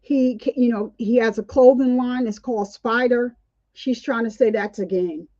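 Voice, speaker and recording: A woman's voice: a little high, normal speed, a little mellow, no echo, lo-fi sound. A woman hosting a casual, outspoken commentary on a court trial, indignant and chatty. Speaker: commentary channel host.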